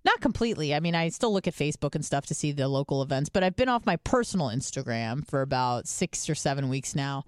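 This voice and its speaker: A woman rambling through a casual podcast story, her voice smooth and resonant. She fills her talk with loose asides, recorded close and dry. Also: low voice, sing-song, quick pace, hardly any pauses, dry recording. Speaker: podcast co-host. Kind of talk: casual chat.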